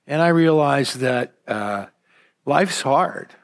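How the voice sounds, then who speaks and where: A man giving a conversational sermon as a pastor, telling personal stories in a relaxed, rambling way with gentle self-deprecating humor and frequent fillers and restarts. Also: on the high side, slow.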